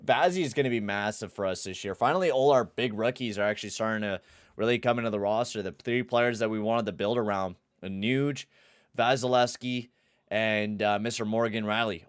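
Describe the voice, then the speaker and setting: A young man streaming a hockey video game, chatting with viewers and shouting and swearing at the game. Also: lowish voice, moderate pace, clear, resonant tone, no room sound, studio quality. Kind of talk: live gameplay commentary and chat.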